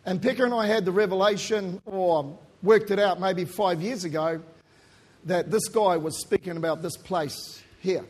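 At normal speed, a middle-aged pastor with a distinct New Zealand accent preaches a sermon drawn from his personal experience. His fairly high, husky, breathy voice builds to loud emphasis, then drops into quiet asides.

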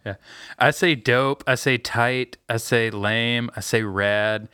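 A man's voice: mid-range voice, steady tone, slow, sharp tone, smooth, no room sound, clean studio sound. A man co-hosting a casual podcast, talking in a laid-back, slangy way. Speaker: podcast co-host. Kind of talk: casual chat.

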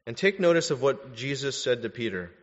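A man's voice: medium pitch, lively intonation, a little fast. A male pastor preaching a sermon, emphatic and full of rhetorical questions. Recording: echoey hall, dull lo-fi sound.

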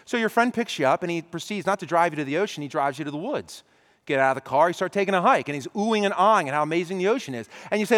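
A pastor preaching a sermon, acting out imagined conversations with lively, animated delivery. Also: male voice, fairly high pitch, rapid-fire, in a large hall. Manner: animated, acts out imagined dialogue. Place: church.

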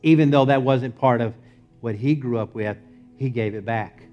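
A male pastor preaching a sermon in a church, moving from loud emphatic lines to low, quiet ones. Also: normal speed, dull audio, soft background music. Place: church sanctuary.

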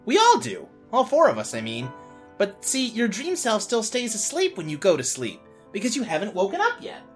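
A woman's voice: mid-range voice, wildly swooping pitch, moderate pace, soft background music, voice pushed up. A woman voicing a cheerful, friendly young girl who explains things kindly.

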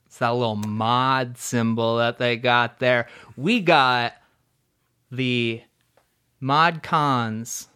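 Slow-talking, smooth-voiced podcast co-host man. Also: mid-range voice. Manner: relaxed, jokey, enthusiastic about bands. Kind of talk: casual music chat.

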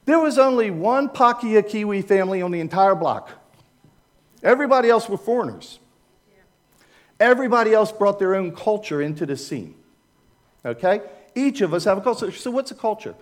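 A man's voice: high-pitched, expressive, normal speed, pauses often. An older American man with a Maryland accent, giving a chatty, informal talk with slides to a church group. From United States. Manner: chatty, digressive, asks the audience for agreement.

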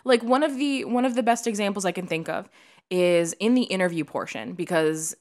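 A woman co-hosting a podcast, chatting casually about a movie, animated and swearing, with lots of "like" fillers. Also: mid-range voice, brisk. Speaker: podcast co-host. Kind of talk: casual chat reviewing a movie.

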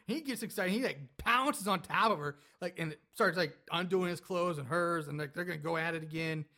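A man casually recapping a movie scene by scene in a relaxed podcast chat, rambling and laughing and acting out lines from the film. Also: fairly high pitch, a little fast.

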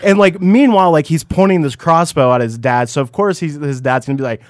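A male podcast co-host rambles through a recap of a TV episode, swearing, stammering, restarting sentences, and acting out quotes in a high voice. He talks a little fast, and the studio-quality recording has no room sound.

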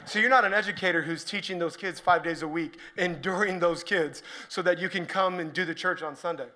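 A man preaching a sermon to a church, joking with the crowd and building up to shouted points. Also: sits high, brisk, a little hiss or hum. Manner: energetic, joking, rising to shouted emphasis. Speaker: pastor.

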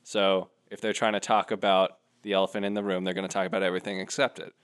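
Smooth-voiced man directing an improv game. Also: low voice, level tone, fast talker, a bit bright. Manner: directive, encouraging. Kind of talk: giving instructions.

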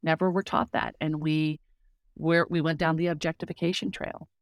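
A woman's voice: low-pitched, level tone, moderate pace, no room sound, clean studio sound. Earnest middle-aged woman telling her story. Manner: earnest, heartfelt storytelling with frequent fillers. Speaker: guest. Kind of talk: casual conversational testimony.

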